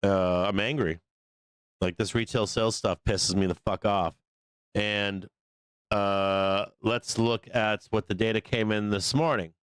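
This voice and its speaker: A man's voice: fairly low pitch, steady tone, unhurried, a bit bright, smooth, no echo. A man hosting a live stock market stream, talking casually and ranting with frustration, swearing freely and laughing often. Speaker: stock market show host.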